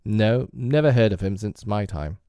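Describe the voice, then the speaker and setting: A man reading aloud, voicing a hearty, boisterous older gentleman doctor in a storybook reading. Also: lowish voice, moderate pace, clear, resonant tone, dry recording, clean studio sound, lightly acted. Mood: hearty, blustering. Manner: boisterous, theatrical geniality.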